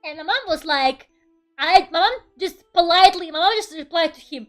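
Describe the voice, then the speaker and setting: Brief: young female streamer, casual and profane, laughs a lot, high voice. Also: moderate pace, fairly bright tone, soft background music. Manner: swears freely, laughs often, rambling. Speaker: VTuber streamer. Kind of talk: casual chat during an art stream.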